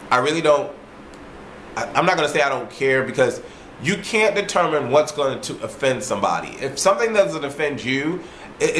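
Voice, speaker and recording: Swearing, animated male vlogger in an echoey room. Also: on the high side, a little hiss or hum. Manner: animated storyteller who swears freely and repeats himself. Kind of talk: casual ranting monologue. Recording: roomy echo.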